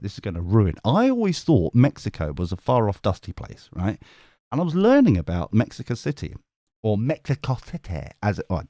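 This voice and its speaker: A man's voice: medium pitch, darkish tone, dry recording, clean studio sound. A man with a British accent, giving a chatty live tarot reading. He rambles, gets sidetracked and swears casually. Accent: British English. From Britain. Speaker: tarot reader.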